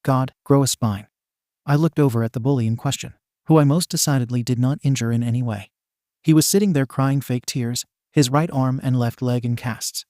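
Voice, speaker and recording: Mellow-voiced man reading a story. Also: medium pitch, fairly quick, no room sound, studio quality. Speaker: narrator. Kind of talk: reading fan fiction aloud.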